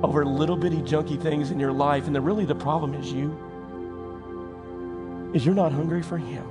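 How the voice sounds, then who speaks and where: A man's voice: on the high side, fairly even intonation, fairly quick. A man preaching a folksy sermon to his congregation. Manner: folksy, preacherly, with acted-out quotes and rising emphasis. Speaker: pastor. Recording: loud music behind. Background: loud music.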